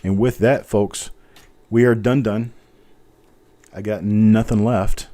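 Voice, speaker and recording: A man's voice: fairly low pitch, steady tone, slow pace, dark tone. A man hosting a live coin auction stream, chatting casually, poking fun at himself and reading out bidders while he types. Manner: chatty, self-mocking, reads out bidders while typing.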